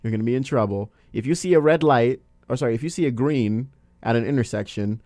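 A man from Nigeria chatting casually about a film, talkative and quick to laugh. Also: mid-range voice, warm tone, no echo, studio quality.

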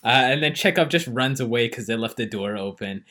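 A man's voice: medium pitch, expressive, a little fast, sharp tone. A man chatting casually as a podcast co-host, rambling with many fillers and restarts as he retells scenes. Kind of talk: casual film review chat.

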